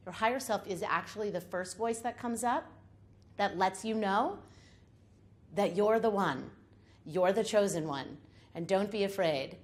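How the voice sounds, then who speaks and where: Woman motivational speaker, mid-range voice, emphatic and uplifting delivery in front of a live crowd. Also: medium pitch. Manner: emphatic, uplifting, repetitive lists. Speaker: public speaker. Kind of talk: inspirational stage talk. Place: room with a live audience.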